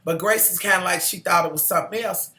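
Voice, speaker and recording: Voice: medium pitch, quick pace, bright, forceful tone, echoey room. A vlogger recapping a TV drama in casual chat, sassy and profane, calling viewers y'all and honey.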